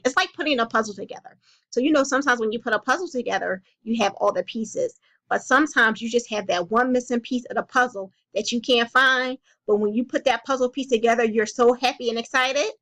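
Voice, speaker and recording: A woman playing a calm, caring counselor who gently comforts and reassures a young child in a role-played session. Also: on the high side. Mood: explaining patiently.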